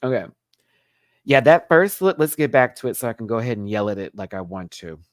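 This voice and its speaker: A man hosting a live recap stream, talking in a sassy, campy way with big swoops in pitch. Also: very animated, fairly quick, no echo, studio quality.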